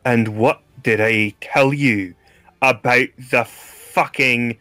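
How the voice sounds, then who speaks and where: Man playing a pirate cook, menacing, low threats, bright edge, dry. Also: fairly even intonation, takes it slowly, no room sound, faint music behind.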